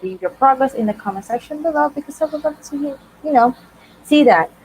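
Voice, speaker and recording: A woman's voice: a little high, poor audio. A woman in her thirties hosting a casual writing livestream, bubbly and greeting viewers by name. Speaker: livestream host.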